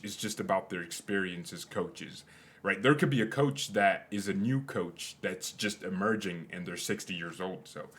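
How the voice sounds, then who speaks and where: A man's voice: sits low, sharp tone. A young man hosting a football fan channel in casual, rambling commentary, jokey and often correcting himself.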